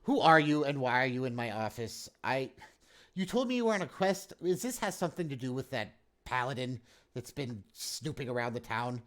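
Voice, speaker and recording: A man's voice: mid-range voice, big pitch swings, moderate pace, a bit bright. A man voicing a pompous, easily flustered middle-aged male town mayor who stammers and talks down to visitors. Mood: dismissive.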